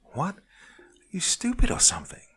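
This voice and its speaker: A chirpy, squealing young girl trick-or-treating from behind a cheap mask, put on by a man reading a spooky story. The voice jumps high and bounces lively, with a bright, gravelly edge. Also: moderate pace, full character voice. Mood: scornful.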